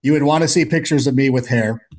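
A man chatting as a podcast guest, telling jokey stories in an animated way. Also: medium pitch, quick pace. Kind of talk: casual storytelling chat.

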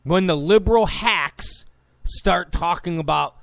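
Animated, high-pitched male commentator. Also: measured pace, no echo. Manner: combative, mocks opponents in quoted voices. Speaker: political commentator. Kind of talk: opinionated talk commentary.

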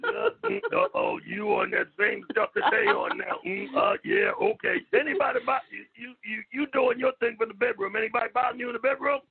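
A man co-hosting a call-in show, teasing the others loudly with brash jokes and stammering restarts. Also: extremely high pitch, huge pitch swings, fairly quick, few pauses. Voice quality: raspy, gravelly. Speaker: co-host. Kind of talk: loud joking radio banter. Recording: tinny phone line.

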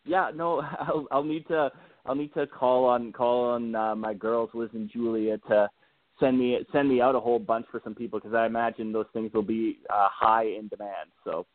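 A man's voice: medium pitch, steady tone, moderate pace, no room sound. A man from Alberta, Canada, a guest on a casual call-in show, rambling and self-deprecating with easy laughs and many restarts. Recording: tinny phone line, dry.

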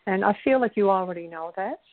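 A woman from Newfoundland with a Newfoundland accent, giving calm, gentle spiritual advice on a call-in show. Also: medium pitch, quick pace. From Newfoundland, Canada. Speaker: spiritual show guest host. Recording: dry tinny phone line.

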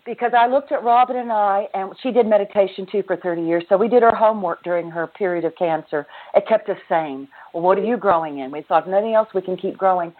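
A woman's voice: medium pitch, fast, hardly any pauses. A woman author and self-love teacher, a guest telling her story in earnest, with the odd laugh. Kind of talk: conversational interview storytelling. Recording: narrow phone-line sound.

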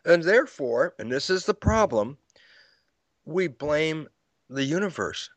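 A man's voice: a little high, sing-song, a little slow, dry recording. A man as an interview guest, explaining ideas like a lecturer, acting out quoted dialogue and chuckling at his own points. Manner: storytelling lecturer who acts out quoted dialogue. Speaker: guest author.

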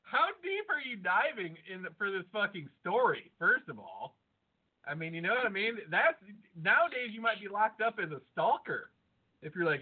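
A man with a high, animated voice co-hosts a podcast, excitable and quick to spin odd theories, with plenty of swearing. The sound is thin and phone-like. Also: slightly rough. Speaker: podcast co-host. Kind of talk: casual chat.

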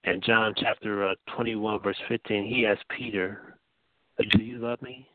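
A soft-spoken man with a lowish voice gives an informal teaching, halting and restarting as he goes. He comes through a tinny phone line with a dry, close sound. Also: fairly even intonation, dry recording. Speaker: teacher and host.

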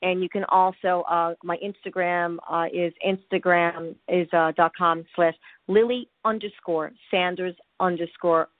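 Calm low-voiced woman guest, phone line. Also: measured pace, no echo. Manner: calm, hesitant with fillers while listing links. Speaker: guest, life coach. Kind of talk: casual interview chat.

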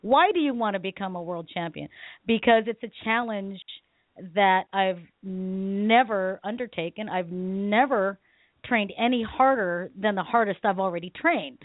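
Animated woman host on a tinny line. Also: medium pitch, unhurried, dry recording. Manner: animated storytelling, laughs often. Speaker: talk radio host. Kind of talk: casual radio chat. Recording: tinny phone-line sound, dry.

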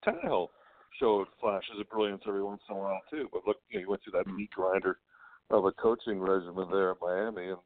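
Fast deep-voiced sports radio co-host. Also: male voice, no room sound. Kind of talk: casual sports radio banter. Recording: tinny phone-like line.

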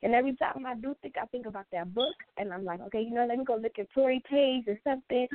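A woman's voice: fairly high pitch, brisk, few pauses, dry recording. Young woman guest, earnest and repetitive, over a dry video call. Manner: heartfelt, repeats herself for emphasis. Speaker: guest, best friend. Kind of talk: emotional tribute in a talk show. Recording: tinny phone-line sound, dry.

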